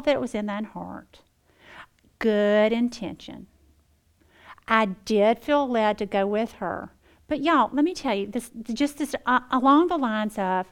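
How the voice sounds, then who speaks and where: A middle-aged woman, giving a folksy devotional talk to a women's group. She moves between hushed asides and loud, lively bursts. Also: on the high side. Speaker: women's Bible teacher.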